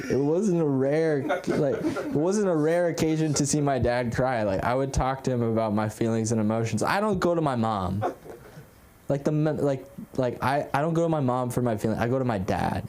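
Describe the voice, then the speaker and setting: A young man, a stand-up comic, is doing an open-mic set on a comedy club stage, rambling and putting himself down with lots of filler words. His voice sits at a medium pitch and sounds a little mellow.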